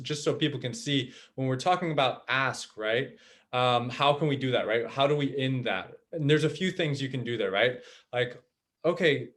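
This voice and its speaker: A man's voice: mid-range voice, a bit bright. Man teaching a live webinar. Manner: conversational, frequent "right?" checks. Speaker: webinar trainer.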